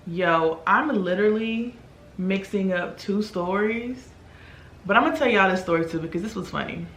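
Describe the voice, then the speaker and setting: A woman's voice: medium pitch, normal speed, slight background noise. A young woman telling a story in a casual, chatty way while doing her makeup. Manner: chatty, animated, acts out quoted voices. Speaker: beauty vlogger. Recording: echoey room.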